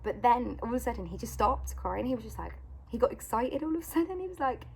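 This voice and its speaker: A woman, a Christian vlogger and mother, telling a faith story in a casual, animated way and acting out the dialogue. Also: on the high side, quick pace, vocal fry, a little hiss or hum. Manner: animated, acts out quoted dialogue, frequent "like". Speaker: mother of a young son.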